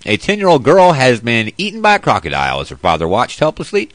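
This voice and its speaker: A man's voice: medium pitch, huge pitch swings, fast, dry recording. A man hosting a casual commentary show who reads news aloud and then rants about it, profane and blunt. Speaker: host.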